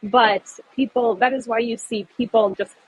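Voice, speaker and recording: A woman's voice: on the high side, fairly even intonation, moderate pace, breathy edge, dry recording, phone-quality sound. A young woman tour guide chatting casually on a live stream, bubbly and talkative, thanking viewers and answering their comments.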